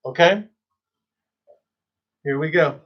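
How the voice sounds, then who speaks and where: A man's voice: a little high, slow, dull audio. Chatty man teaching drums. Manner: chatty, counting students through exercises. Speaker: drum teacher. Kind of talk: casual online drum lesson. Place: drum studio. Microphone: phone camera.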